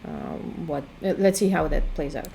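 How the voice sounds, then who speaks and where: A woman giving casual walkthrough commentary on her own game, thinking aloud with hesitant pauses. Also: low-pitched, creaky, mellow, a little hiss or hum. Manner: hesitant, full of fillers and restarts while thinking aloud. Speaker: game creator demonstrating her work.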